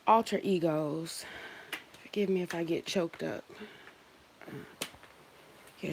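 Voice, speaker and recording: A woman's voice: deep voice, gravelly, a little mellow, a little hiss or hum. Woman talking loosely and from the heart. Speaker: livestream host. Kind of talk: casual spiritual livestream talk.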